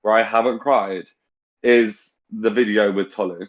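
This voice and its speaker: A man's voice: on the low side, fairly even intonation, a little slow, lo-fi sound. A man hosting a casual chat on a video call, emotional and teasing, who swears freely. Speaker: podcast host.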